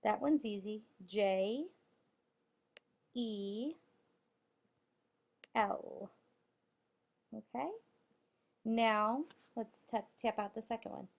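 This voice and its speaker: A woman teacher giving a recorded spelling lesson to young children, spelling out letters and clapping out syllables deliberately. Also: a little high, creaky.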